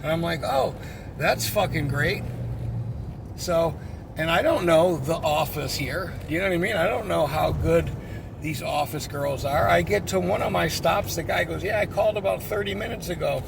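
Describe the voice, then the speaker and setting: A man's voice: a little high, moderate pace, vocal fry, noisy background. A man who works in pest control, telling a work story in a casual, profane, exasperated way.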